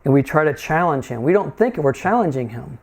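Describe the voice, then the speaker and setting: A man's voice: on the high side, lively intonation, fairly quick. A man preaching a sermon in a conversational, folksy way, often asking his listeners questions.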